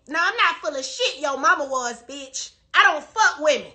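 A woman's voice: sits high, animated, normal speed, few pauses, pushed and bright. A woman crying while she rants defensively and profanely on a phone livestream, repeating herself. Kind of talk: emotional live-stream rant.

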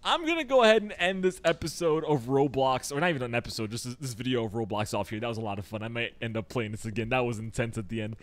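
A male YouTuber doing excitable gameplay commentary, panicking and laughing, repeating no again and again. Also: medium pitch, fast talker, hardly any pauses. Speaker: gaming YouTuber. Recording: game music loud underneath.

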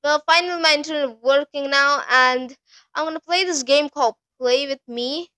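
A woman's voice: high voice, moderate pace, sharp tone, no room sound. A woman hosting a horror game playthrough, rambling, jumpy and swearing a lot. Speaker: gaming channel host.

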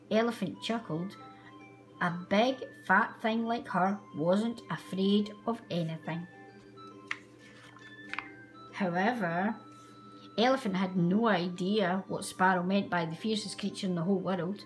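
A woman reading a children's picture book aloud with an expressive, animated delivery. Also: medium pitch, a little slow, faint music behind. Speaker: storyteller. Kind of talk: children's story read aloud.

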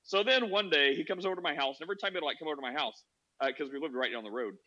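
Male podcast guest, high and sharp-toned, loose rambling storyteller, muffled lo-fi sound. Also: rapid-fire. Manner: rambling, heavy use of "like" fillers. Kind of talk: casual anecdote telling. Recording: dull lo-fi audio.

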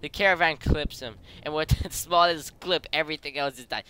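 A gameplay commentator, giggly and excitable, breaking into high yelps. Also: fairly quick, smooth, no room sound.

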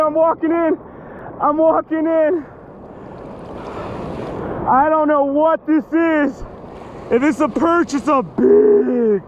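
A man vlogging from a beach while surf fishing, talking casually to his viewers and getting excited. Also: extremely high pitch, slow pace, long pauses. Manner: excitable, exclaiming. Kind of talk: casual vlog narration. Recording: wind noise over the mic.

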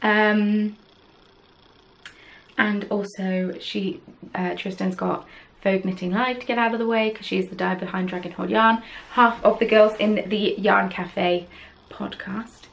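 A woman hosts her podcast in a loose, rambling chat, poking fun at herself as she goes. Her mid-pitched voice carries a gravelly fry. She sounds recorded at home on a camera. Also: fairly even intonation, a little slow, rough recording. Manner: chatty, rambling, self-deprecating. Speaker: podcast host. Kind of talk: casual chat.

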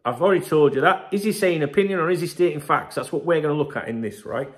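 A man with a slightly high voice talks fast as he hosts a football channel. His commentary to camera is casual, chatty and emphatic, and he keeps tagging "right?" onto his lines and swearing.

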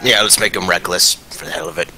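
A man's voice: low-pitched, fast talker, pushed and bright, slight background noise. A man playing a tabletop game, joking around between turns. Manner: jokey, quotes film lines. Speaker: player. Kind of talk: casual tabletop play.

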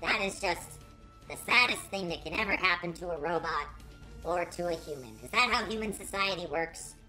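Woman doing let's play commentary, big dramatic mock-outrage, fairly low voice but bright and sharp. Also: moderate pace, faint music behind, low-quality recording. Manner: theatrical, melodramatic mock outrage. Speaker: gaming channel host.

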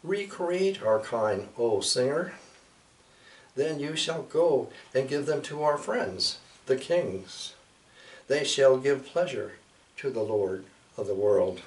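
A man voicing a chorus of gentle, welcoming songbirds in a raised, lilting voice. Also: medium pitch, expressive, slow pace, reverberant, far from the mic, voice pushed up.

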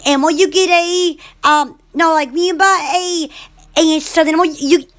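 A woman's voice: very high-pitched, steady tone, unhurried, fairly bright tone. A woman hosting a casual home shopping livestream, rambling and giggly, full of exclamations and blown kisses to her viewers. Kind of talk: casual live-stream chat.

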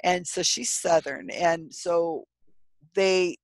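A woman's voice: on the low side, slow pace, creaky, no echo. A woman from California with children, telling stories in a casual video-call chat and laughing often. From California, USA. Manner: laughs often, animated storytelling.

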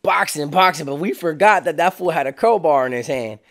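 A young man casually telling a street story, slangy and animated. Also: fairly quick. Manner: slangy, animated, acts out quotes in lower voice.

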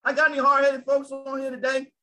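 Man preaching, very high voice, bright and forceful, lively call-and-response style. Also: fast, poor audio. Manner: lively preaching, calls out to listeners. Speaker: pastor. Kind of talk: sermon.

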